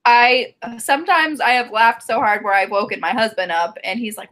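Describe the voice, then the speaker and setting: A woman's voice: fairly high pitch, normal speed, fairly bright tone. A woman co-hosting a casual romance book discussion, gushing and laughing often. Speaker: book club co-host.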